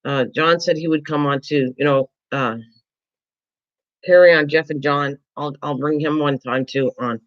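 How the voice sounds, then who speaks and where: A woman's voice: deep voice, fairly even intonation, measured pace, dull audio. A woman hosting a casual craft livestream, rambling and chatty, playfully teasing her viewers.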